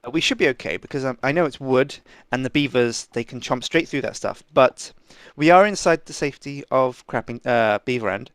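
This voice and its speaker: A man co-hosting a casual gameplay chat, joking in a playful deadpan way. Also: mid-range voice, brisk, hardly any pauses, clean tone, dry recording. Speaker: co-host.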